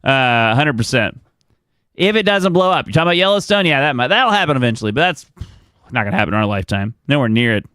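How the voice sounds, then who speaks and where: A man's voice: mid-range voice, big pitch swings, fast, bright, forceful tone, clean tone, no echo, clean studio sound. A man streaming live, chatting casually with viewers and telling rambling stories about his family with frequent chuckles. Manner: rambling storyteller, chuckles often.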